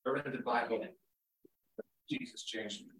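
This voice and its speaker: A man voicing a gruff, terse grown man of few words, dropping his voice low and quiet. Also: fairly even intonation, unhurried, heavy reverb, far from the mic, a little hiss or hum, natural voice, rough recording.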